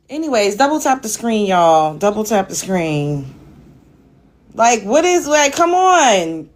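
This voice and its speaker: A Brooklyn woman with a New York accent hosts a live panel chat, sounding blunt, profane and exasperated. Her voice is medium-pitched and sing-song, and she speaks slowly.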